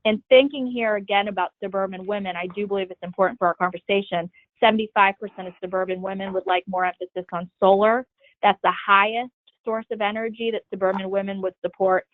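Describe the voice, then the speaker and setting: A woman's voice: medium pitch, fast. A woman presenting survey results in a webinar, walking steadily through each slide. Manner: steady, methodical walkthrough of slides. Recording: tinny phone-line audio, dry.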